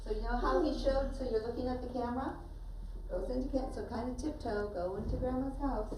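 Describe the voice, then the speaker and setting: A woman teacher in a classroom narrates a story for her pupils to act out, giving them directions as she goes. Her fairly high voice is a little mellow and fairly quick. The recording is distant and echoey, with background noise.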